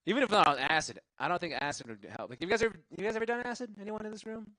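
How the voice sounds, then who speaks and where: A man's voice: sits high, very fast, pushed and bright, dry recording, poor audio. A young man doing a stand-up comedy set, rambling, cursing freely and laughing at his own jokes. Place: live show venue.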